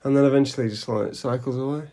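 A man, co-hosting a podcast and telling an anecdote in a casual, animated way. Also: medium pitch, quick pace. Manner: animated storyteller who acts out shouted quotes. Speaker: podcast co-host. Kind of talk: casual chat, storytelling.

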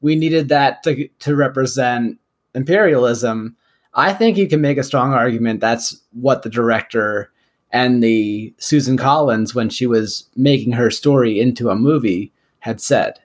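Speaking a little slowly in a mid-range voice, this young podcast co-host mulls over a film casually, restarting often and saying uh frequently.

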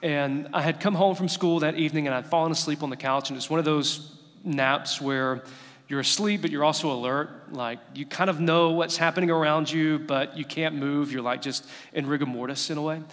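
A man's voice: on the high side, steady tone, normal speed, a bit bright, in a large hall. A male pastor giving a sermon, telling stories in an earnest, conversational way.

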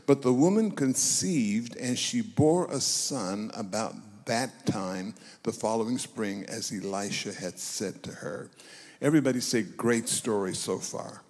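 A man's voice: mid-range voice, a little slow. A man in his eighties preaching a sermon, retelling a scripture story and calling on the congregation to respond. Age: 80s. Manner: lively storytelling, acting out quotes and calling on the congregation. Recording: long reverb of a large hall.

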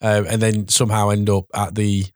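A man co-hosting a podcast, chatting about a film with quick jokey asides. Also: lowish voice, completely flat delivery, smooth, no room sound, clean studio sound. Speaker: podcast co-host. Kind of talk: casual chat about a film.

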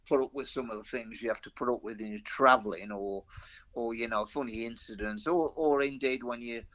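An older man with a broad Black Country accent talks freely as a guest, drifting from one anecdote to the next. His pitch sits in an everyday middle range, and he pokes fun at himself as he goes. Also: sharp tone. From Black Country, English Midlands. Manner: chatty, rambling anecdotes with self-mocking humour. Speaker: veteran rock guitarist, interview guest. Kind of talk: casual interview chat.

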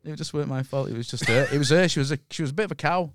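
A man's voice: on the high side, very fast, slight background noise. A man in his fifties telling rambling, sweary anecdotes on a podcast, often laughing through them. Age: 50s. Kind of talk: casual chat, anecdote telling.

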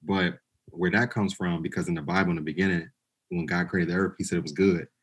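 A man's voice: low-pitched, steady tone, fast, husky. A man hosting a podcast in casual chat, talking in an earnest, playful and emphatic way. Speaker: podcast host.

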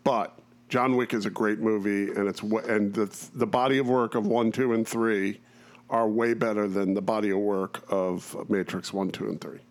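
A man's voice: on the low side, little pitch movement, moderate pace. A man co-hosting a casual podcast, blunt and swearing, often restarting his sentences. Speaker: podcast co-host. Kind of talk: casual chat.

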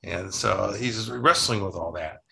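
Older male author, gravelly and sharp-toned, chatty and rambling in interview. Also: fairly low pitch, measured pace. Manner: rambling, many restarts and fillers. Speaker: children's book author. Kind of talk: casual interview storytelling.

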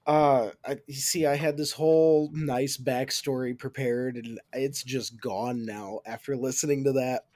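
A man's voice: mid-range voice, fairly even intonation, measured pace, few pauses, a little mellow, no echo. A man, a guest on a gaming podcast, giving blunt, profane opinions. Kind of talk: casual chat.

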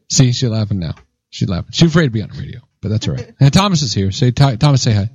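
A man co-hosting a casual podcast, telling stories in a lively, joking way and acting out what people said. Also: mid-range voice, fast talker, husky, no echo, muffled recording. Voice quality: lively, joking storyteller who acts out quotes. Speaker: podcast co-host. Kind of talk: casual chat.

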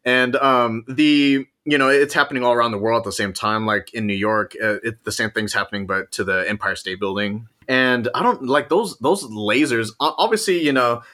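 A man's voice: mid-range voice, normal speed, few pauses, sharp tone. A man co-hosting a casual movie podcast, rambling through the plot, laughing often and swearing casually. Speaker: podcast co-host. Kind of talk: casual movie-review chat.

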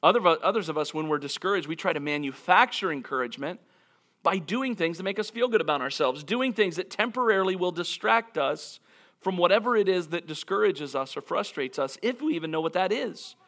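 A man preaching a sermon as a pastor, earnest and reflective, slowing down to stress key phrases. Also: sits high, animated, a bit bright. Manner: earnest, reflective, with frequent restarts and dramatic slowdowns.

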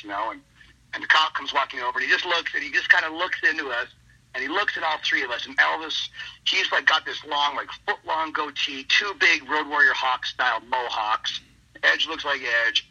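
A man with a very bright but husky voice spins a casual anecdote, doubling back and restarting his sentences as he goes. The audio is dull and lo-fi, like a remote call. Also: mid-range voice. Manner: rambling, animated anecdote with many restarts. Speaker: wrestler guest. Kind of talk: casual storytelling.

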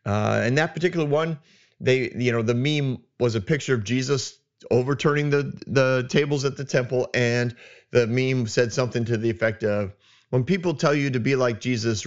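Guy doing his own podcast, gets loud and emphatic, kinda muffled lo-fi sound. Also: medium pitch. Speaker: podcast host. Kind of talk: solo podcast monologue. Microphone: studio microphone.

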